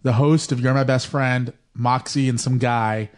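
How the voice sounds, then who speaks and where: A man's voice: mid-range voice, steady tone, measured pace. A man co-hosting a podcast in casual chat, joking and telling rambling stories. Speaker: podcast co-host.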